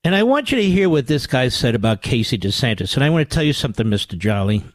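A man's voice: big pitch swings, fast talker, no echo. Combative sarcastic talk radio man. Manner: swings from low growls to high exclamations. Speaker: radio talk show host. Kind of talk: political talk radio monologue. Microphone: studio microphone.

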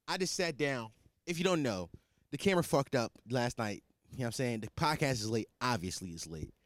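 A man's voice: medium pitch, no room sound, clean studio sound. A man in his twenties hosting a solo podcast, rambling with restarts and repetition, crude, slangy and blunt. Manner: rambling, restarts and repeats himself, crude joking; swears freely, slangy and blunt. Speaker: podcast host. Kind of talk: casual solo podcast monologue.

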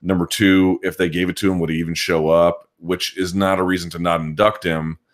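Man, deep voice, podcast host, live chat, talks it through, many restarts. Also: flat delivery, brisk. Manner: thinking aloud, frequent restarts and hedging. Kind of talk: casual live chat commentary.

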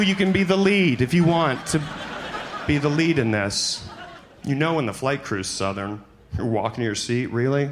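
A man performing a stand-up set on a comedy club stage, animated and breaking into high-pitched panicky outbursts. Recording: live stand-up recording with room noise.

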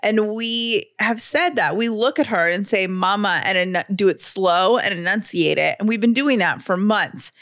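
A woman's voice: medium pitch, moderate pace, few pauses, no room sound. Young woman co-host, bubbly and gushing, dry studio sound. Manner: gushing, excitable storytelling. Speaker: podcast co-host. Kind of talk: casual chat.

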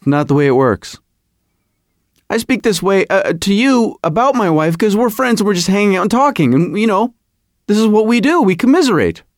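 A middle-aged man hosting a podcast, telling a comic story in a rambling, animated, self-mocking way. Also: high-pitched, normal speed, no echo, clean studio sound. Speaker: podcast host. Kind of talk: comedic podcast monologue.

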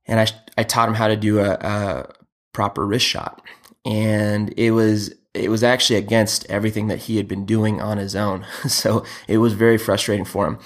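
A man's voice: fairly low pitch, flat delivery, moderate pace, creaky. A man who is a father and youth hockey coach, telling a story in an earnest, conversational way.

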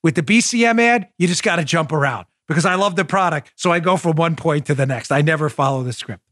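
A man hosting a political talk podcast, speaking in an animated, emphatic way and repeating points for effect. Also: a little high, fast, no echo, clean studio sound. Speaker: podcast host.

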